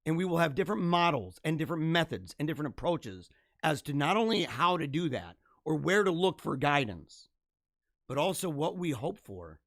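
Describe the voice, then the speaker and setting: A man hosting his own livestream show, signing off in an energetic, rambling, chatty way, his voice a little hoarse. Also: fairly high pitch, normal speed, no room sound, clean studio sound. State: slightly hoarse. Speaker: podcast host. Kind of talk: casual livestream sign-off.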